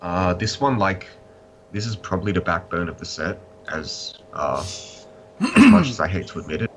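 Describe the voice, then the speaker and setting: A man with a very low, deep voice talks through a card set in a loose, casual chat. He is blunt and opinionated, with dry humor. A faint hiss of background noise sits under him. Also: big pitch swings, normal speed, fairly bright tone. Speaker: card game reviewer.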